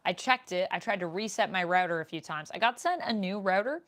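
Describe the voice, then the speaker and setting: A woman's voice: medium pitch, brisk, fairly bright tone. A young woman streamer chatting casually with her viewers in a live Q&A, reading out their comments as she goes. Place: home room, indoors. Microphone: desk microphone.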